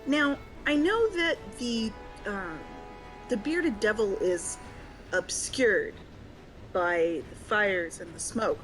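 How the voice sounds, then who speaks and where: A woman plays a tabletop game in a casual, slightly hesitant way, pausing to ask questions about the rules. Her voice sits at an ordinary pitch, and music comes through clearly behind her. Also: expressive, a bit bright, rough recording. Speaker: player.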